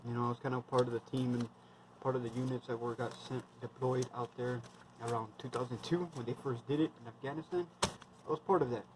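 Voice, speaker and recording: A man's voice: mid-range voice, fairly even intonation, fast, noisy background. A man in his thirties, a military veteran, telling war stories in a rambling, blunt, heavily profane casual monologue.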